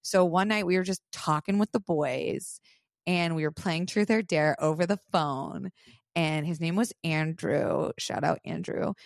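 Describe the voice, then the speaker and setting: A woman co-hosting a live podcast, telling stories in a giggly, animated way. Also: sits low, unhurried, gravelly, no echo, studio quality. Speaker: podcast co-host. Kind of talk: casual live podcast chat. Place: live show venue.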